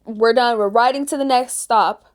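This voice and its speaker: Chatty teenage girl vlogger, fairly high voice. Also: moderate pace. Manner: chatty, ranting, lots of "like". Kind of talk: casual chat.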